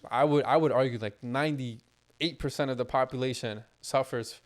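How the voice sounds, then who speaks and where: A young man co-hosts a casual podcast, talking bluntly and animatedly and swearing a lot. His voice is medium-pitched and he speaks at a normal pace.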